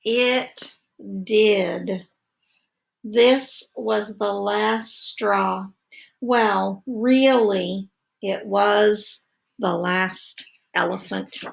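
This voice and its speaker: A woman teacher reading a picture book aloud to children, slow and expressive, with asides to her listeners. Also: medium pitch, gravelly.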